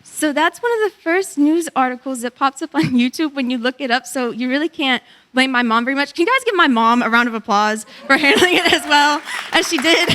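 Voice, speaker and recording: With a high-pitched voice, a brisk pace, and few pauses, a woman in her twenties gives an animated church testimony about her mission trip, acting out what people said. A faint crowd can be heard.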